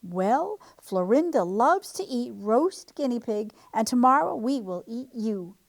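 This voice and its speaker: A woman voicing a gruff, hot-tempered male farmer who exclaims and scolds. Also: on the high side, big pitch swings, measured pace, heavily acted. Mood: outraged.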